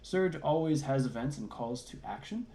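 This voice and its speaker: A man's voice: mid-range voice, lively intonation, normal speed, mellow, a little hiss or hum. A man, a services and support minister, reading church announcements in an upbeat, enthusiastic way over a video call.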